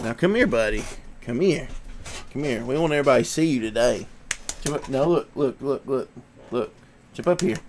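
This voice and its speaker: A man's voice: medium pitch, a little hiss or hum. Sniffly easygoing man streaming live. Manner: easygoing, chatty, coaxing his dog. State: sniffly from allergies. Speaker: livestream host. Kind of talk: casual livestream chat.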